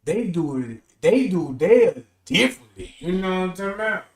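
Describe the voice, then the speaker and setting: A man streaming casual commentary, animated and slangy, rambling as he reacts to what he reads. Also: high voice, moderate pace, roomy sound.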